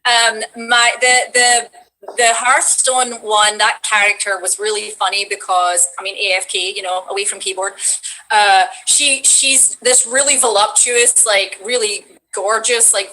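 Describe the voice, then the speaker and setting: Bright, chatty woman. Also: medium pitch, low-quality recording. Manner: rambling, many restarts, animated. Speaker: guest voice actress. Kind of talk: casual interview chat.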